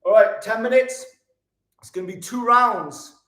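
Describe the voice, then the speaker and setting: A young man with a high, light voice, chatting loosely to his live viewers. He laughs often and drops "mate" into nearly every sentence. He is talking in a hotel room. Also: a little slow, sharp tone. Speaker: live-streaming vlogger. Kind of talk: casual live-stream chat.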